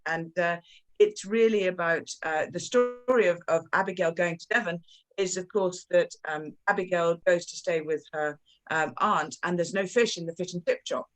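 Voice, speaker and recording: A woman with a fairly low voice talks about her children's books at a launch. She is animated and effusive, breaking into story voices. She often stops for fillers and restarts. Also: moderate pace, low-quality recording. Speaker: children's author. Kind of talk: book launch interview.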